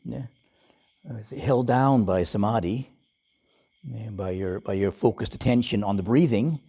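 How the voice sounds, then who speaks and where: A man who is a Buddhist monk, giving a relaxed dharma talk and telling stories with frequent chuckles and fillers. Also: fairly low pitch, a little slow, breathy edge. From Western, lived in Thailand as a layman. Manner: relaxed storytelling, chuckles often, many fillers.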